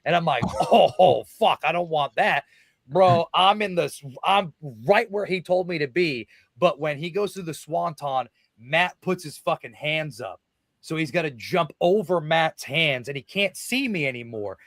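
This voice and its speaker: Young guy wrestler telling hyped stories, swears constantly, higher voice, dry close mic, yells the quotes. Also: normal speed, no room sound. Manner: excited, swearing a lot, acts out quotes loudly. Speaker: guest wrestler. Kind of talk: casual storytelling in a podcast interview.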